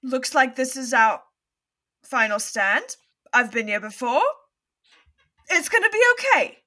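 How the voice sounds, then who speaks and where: A woman's voice: sits high, very animated, unhurried, sharp tone, exaggerated voice. A woman voicing an out-of-breath male wizard professor, sweaty and frantic, pleading and urgent. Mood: earnest.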